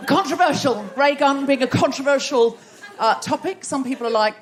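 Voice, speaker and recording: A woman's voice: high voice, moderate pace. An Australian woman hosting a live comedy podcast, laughing and riffing with the audience from a theatre stage. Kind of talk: live stand-up crowd work.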